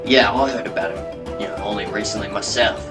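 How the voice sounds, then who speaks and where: A man's voice: fairly low pitch, fairly even intonation, fairly quick, natural voice. A man voicing a brash male hybrid-animal breeder with a put-on Australian accent, boastful and blustery. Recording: background guitar music.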